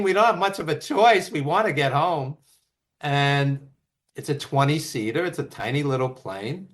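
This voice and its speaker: A man telling road stories as the guest of an interview, animated and quick to act out quotes. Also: fairly high pitch. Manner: animated anecdotes with acted quotes and laughs. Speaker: author and wrestling writer, guest. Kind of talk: casual storytelling interview.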